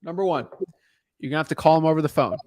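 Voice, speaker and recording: A young man with a fairly high voice coaches callers on real estate deals in a live call-in. He talks directly and encouragingly, often checking in with a quick "right?". The sound is dry and close. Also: a little mellow, no room sound.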